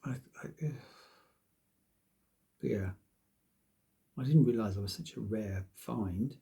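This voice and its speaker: Gravelly-voiced man rambling. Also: fairly low pitch, slow pace, mellow. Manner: rambling, self-deprecating, swears freely. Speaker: vlogger. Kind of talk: casual rambling monologue to camera.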